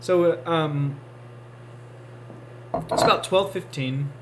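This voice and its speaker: A man's voice: fairly high pitch, slow, noisy background. An easygoing man co-hosting a casual podcast, agreeable, with short replies. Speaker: podcast co-host. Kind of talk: casual late-night chat over beers.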